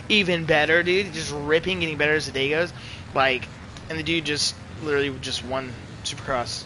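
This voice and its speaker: A young man streaming a racing game, chatting casually to his viewers with profane, excitable banter and frequent laughs. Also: fairly high pitch, a little fast, slight background noise. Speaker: gaming streamer. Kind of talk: casual live commentary while playing.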